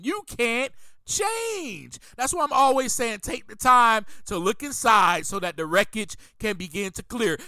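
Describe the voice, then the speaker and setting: Animated high-voiced man preaching recovery. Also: no room sound. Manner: emphatic, repeats key phrases, preacher-like. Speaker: podcast host. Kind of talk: motivational recovery podcast monologue.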